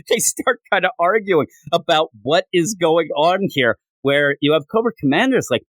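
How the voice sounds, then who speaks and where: A man hosting a casual comic review, retelling scenes with quick character voices. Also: on the high side, animated, a bit bright, no room sound. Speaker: comic book podcast host.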